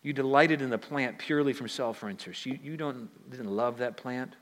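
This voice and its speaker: A man voicing a patient God who calmly reasons with a prophet, in a reverberant hall. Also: medium pitch, normal speed, lightly acted. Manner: calm, patient questioning.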